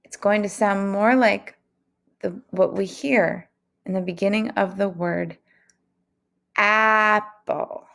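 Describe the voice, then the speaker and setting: A woman's voice: mid-range voice, steady tone, creaky. A woman teaching a phonics lesson to young children, speaking in a patient, encouraging way. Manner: slow, patient, encouraging classroom delivery.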